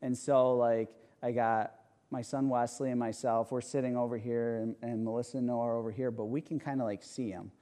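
A man preaching a conversational sermon, telling a personal story with animated rhetorical asides. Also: mid-range voice, a little fast. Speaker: pastor.

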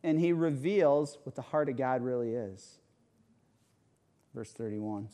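A man preaching a conversational sermon, telling a personal story with animated rhetorical asides. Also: mid-range voice, measured pace. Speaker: pastor.

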